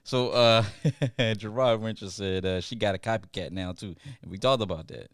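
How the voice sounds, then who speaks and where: A man's voice: lowish voice, normal speed, clean tone, no echo, clean studio sound. A man hosting a casual podcast chat, ranting emphatically and repeating his lines for effect as he riffs with his co-hosts around a table. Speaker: podcast host.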